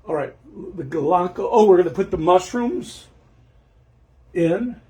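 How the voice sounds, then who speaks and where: A man's voice: high-pitched, animated, a little slow, dark tone. A man hosting a home cooking show, talking through a recipe in a rambling way while he cooks in his kitchen and often loses track of the next step. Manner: rambling, talks to himself while cooking, forgets steps. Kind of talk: casual cooking demonstration.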